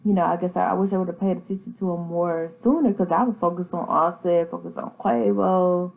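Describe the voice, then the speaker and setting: A woman's voice: lowish voice, steady tone, a little fast, vocal fry, darkish tone, rough recording. A woman hosting a casual commentary vlog, talking in a chatty, slangy way and laughing easily. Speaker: vlogger host.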